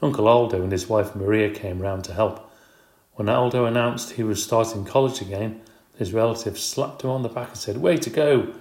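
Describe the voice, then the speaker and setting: A man reading a children's storybook aloud in an expressive, brisk way. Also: fairly low pitch. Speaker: audiobook narrator. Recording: roomy echo.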